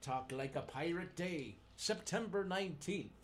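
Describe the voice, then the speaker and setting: With lively intonation and a slightly high voice, this community radio host speaks unhurriedly over slight background noise. Live from the station studio, he jokes casually, laughs at his own puns, and drifts into pirate talk.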